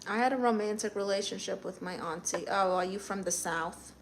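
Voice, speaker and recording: A woman's voice: medium pitch, fairly quick, a little hiss or hum. A middle-aged woman with a Brooklyn accent, hosting a live stream and reading chat comments aloud with blunt, sassy comebacks.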